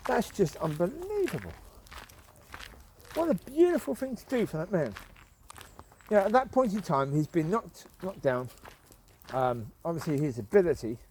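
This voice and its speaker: A man's voice: sits high, warm tone, a little hiss or hum. A man, rambling in a casual commentary while out walking his dogs in the woods. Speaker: vlogger. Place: outdoors in rural woods.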